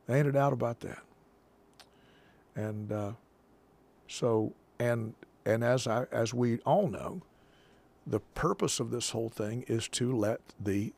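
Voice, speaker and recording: Gravelly radio host guy, folksy, keeps repeating himself for emphasis. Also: mid-range voice, unhurried, a little mellow. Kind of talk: political talk radio commentary.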